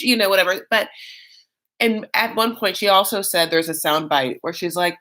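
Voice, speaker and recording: A man's voice: high voice, normal speed. A man hosting a live reaction show, chatting casually and animatedly with lots of fillers and campy, self-mocking asides. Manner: chatty and animated, many fillers, bursts of mock voices.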